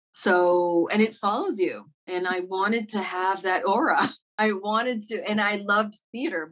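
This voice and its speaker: A woman actor being interviewed, talking casually and reflectively, with many fillers and restarts. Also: fairly low pitch. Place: Montreal.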